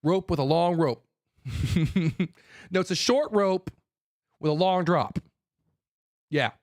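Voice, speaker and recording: Fired-up high-voiced man ranting. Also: takes it slowly. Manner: blunt, profane, repeats phrases, stumbles and restarts; fired up, forceful. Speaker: host. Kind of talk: heated ranting monologue.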